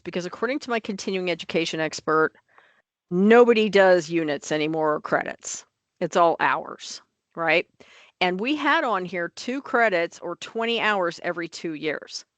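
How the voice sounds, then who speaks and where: A woman's voice: on the low side, animated, a little slow, a bit bright, no echo. A woman on licensing office staff, talking through rule changes at a board meeting in an emphatic, plain-spoken way.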